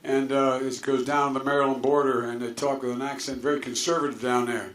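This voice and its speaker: A man's voice: medium pitch, flat delivery, brisk. An older man from Delaware giving a campaign speech to a crowd, a folksy, rambling storyteller with chuckles and asides. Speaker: political candidate. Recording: echoey hall with faint noise.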